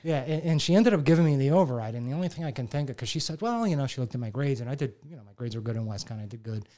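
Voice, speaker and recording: A man's voice: mid-range voice, lively intonation, racing, warm tone. Storytelling middle-aged man, casual chat. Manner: storytelling, acts out quoted voices, laughs often. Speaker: podcast guest.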